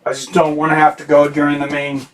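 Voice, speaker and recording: A man's voice: a little high, completely flat delivery, fast, noisy background. A man hosting a live fight stream, chatting casually and rambling as he thanks his viewers and donors.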